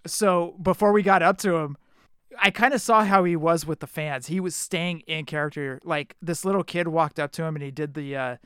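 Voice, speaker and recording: A young man hosts a casual chat podcast with an easygoing, enthusiastic way of telling stories. His voice is smooth and clear, sitting slightly high. The sound is close and dry. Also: normal speed, fairly bright tone, no room sound. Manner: enthusiastic, laid-back storyteller. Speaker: podcast host.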